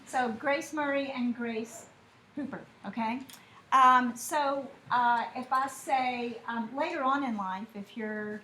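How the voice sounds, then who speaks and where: A woman teaches a class in a slightly high voice. She talks in a chatty way and acts out little exchanges to make her point. Faint classroom ambience sits behind her. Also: bright, forceful tone, slight background noise. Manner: chatty, with drawn-out asides and mimicked dialogue. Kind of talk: classroom lesson.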